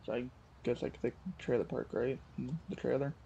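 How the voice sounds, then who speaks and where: A man's voice: mid-range voice, steady tone, normal speed, gravelly, mellow, muffled recording, a little hiss or hum. A young man casually playing through a visual novel, reading it aloud with offhand, laughing remarks. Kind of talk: casual let's-play commentary.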